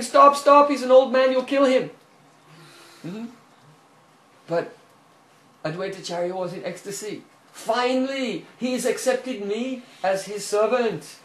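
A man preaching and storytelling with animation, pausing to check in with his listeners. His voice is fairly high for a man. It echoes in the room over a faint hiss. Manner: animated storyteller, frequent "hmm?" checks, chuckles. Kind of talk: sermon storytelling.

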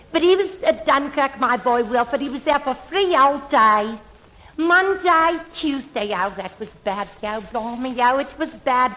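Brief: woman playing a gossipy Cockney housewife, high, breathless drama. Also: a bit bright, exaggerated voice, poor audio. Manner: dramatic, gasping storyteller. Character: gossiping working-class London housewife. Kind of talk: 1940s radio comedy sketch.

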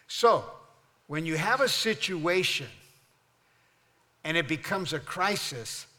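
An older man delivers a sermon from the pulpit, mixing playful storytelling with rising, emphatic preaching. His voice is bright and forceful and sits fairly high. A long reverb trails his words through a large church hall. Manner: humorous storytelling, building to loud preaching. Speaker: pastor.

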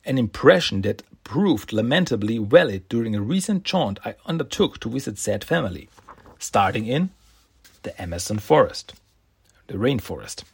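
A man talks through a show in a casual recap, his pitch swinging widely as he goes. His voice is gravelly with a husky edge. He laughs often and trips over repeated words. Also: sing-song, moderate pace. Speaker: video commentator recapping an animated series.

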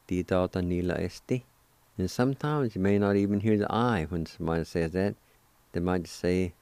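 A man hosting a radio language lesson, spelling out words slowly and deliberately and gently encouraging listeners to practice. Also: lowish voice, dry recording. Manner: slow, deliberate, spells out syllables. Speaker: language radio show host.

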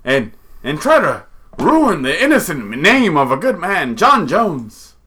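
A man's voice: on the high side, huge pitch swings, unhurried, pushed and bright, breathy edge. A man co-hosting a podcast in casual chat, brash and profane, ranting in a hyped way. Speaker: podcast co-host.

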